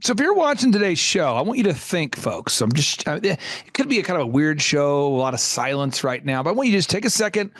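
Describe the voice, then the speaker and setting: A middle-aged man hosting a business show, telling a motivational story in an animated way and acting out the people in it. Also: a little high, fast, no echo, studio quality. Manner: animated, acts out voices in his stories. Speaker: host.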